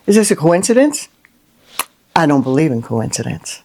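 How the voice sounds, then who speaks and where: A middle-aged woman hosting a Christian inspirational video, talking unscripted and from the heart, with lively rhetorical questions and frequent "right?". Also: fairly low pitch, normal speed. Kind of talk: unscripted heartfelt monologue to camera.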